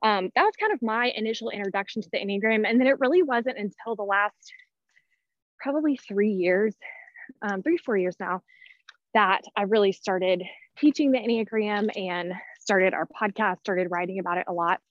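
A woman's voice: mid-range voice, normal speed, no echo. A woman in her thirties, out of breath, chatting casually as a podcast guest with lots of fillers and restarts. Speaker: guest, personality-type teacher. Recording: dull, dry lo-fi sound.

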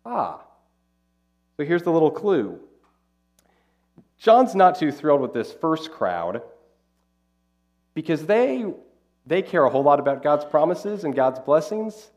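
A man preaching a conversational, animated Bible-teaching sermon as pastor. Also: on the high side, measured pace, long pauses.

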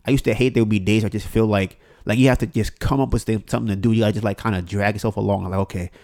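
A man's voice: fairly low pitch, fairly even intonation, rapid-fire, a little mellow. Rambling man on a solo podcast. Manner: loose and rambling, acts out phone calls in quoted voices; profane, uses many fillers and restarts. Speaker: podcast host.

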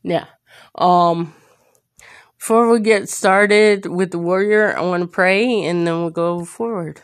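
A woman hosting a faith podcast, out of breath, talking in an earnest, preacherly way with halting pauses and fillers. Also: on the low side. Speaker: podcast host. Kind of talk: faith podcast monologue with prayer.

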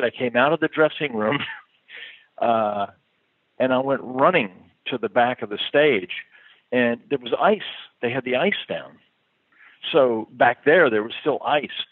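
A man's voice: medium pitch, dry recording. A man who toured as a musician, telling a rambling, chuckling road story full of fillers. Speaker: touring musician. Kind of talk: casual anecdote telling. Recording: tinny phone-like line.

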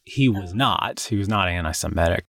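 A man with a low, gravelly voice talks in a loose, rambling way. He often restarts sentences and laughs between thoughts. The sound is dry and close. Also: brisk, fairly bright tone, dry recording. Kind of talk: casual chat.

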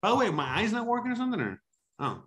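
Fast-talking man rambling with swearing. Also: wildly swooping pitch. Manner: rambling, swears a lot, many fillers like "you know what I mean"; acts out heated quotes with sudden loud high bursts. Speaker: expat services provider telling a story. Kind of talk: casual storytelling chat.

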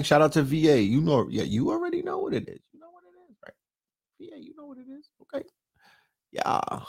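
A man hosts a late-night livestream full of brash, profane trash talk, constantly throwing rhetorical questions and asides at his viewers. His voice is medium in pitch, recorded dry at studio quality.

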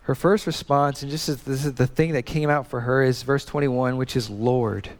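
A man's voice: medium pitch, normal speed. Man preaching in a reverberant hall. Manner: animated storytelling, repeats and restarts words. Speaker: pastor. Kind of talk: sermon.

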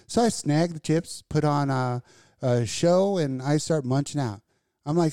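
A woman's voice: extremely low pitch, normal speed, no room sound, clean studio sound. Foul-mouthed woman telling a story. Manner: profane, animated storyteller. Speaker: podcast co-host. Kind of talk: casual chat.

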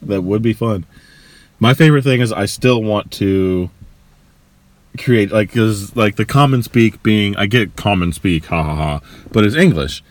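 A man with a low voice riffs on a podcast, spinning jokey scenarios and slipping into quick put-on lines. The recording sounds dry and close, with no room around him. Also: animated, no room sound. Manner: riffing, jokey, acts out silly voices. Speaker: podcast co-host. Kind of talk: casual chat.

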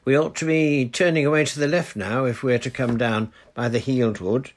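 A man voicing a bold, bossy girl captain who talks briskly and commandingly. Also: mid-range voice, pitched above the performer's own voice, natural voice.

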